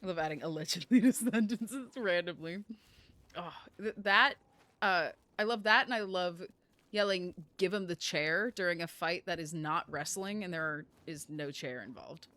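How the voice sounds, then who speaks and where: A woman streamer chatting casually over her gameplay in an animated way, laughing often. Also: lowish voice, normal speed, no echo.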